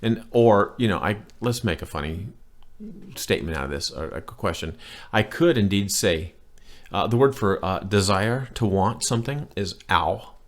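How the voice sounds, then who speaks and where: A man with a fairly low voice teaches a beginner language lesson at a whiteboard. He talks in a loose, chatty way and often stops to restart a sentence or fill a pause. The delivery is relaxed and informal. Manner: rambling and chatty, with many fillers and restarts.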